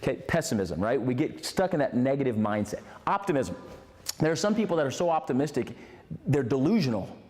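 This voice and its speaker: A man gives a motivational talk at a medium pitch, getting animated and emphatic and repeating key words to drive his points home. His voice rings with a long reverb, as if he is in a large hall. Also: a little fast. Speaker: motivational host.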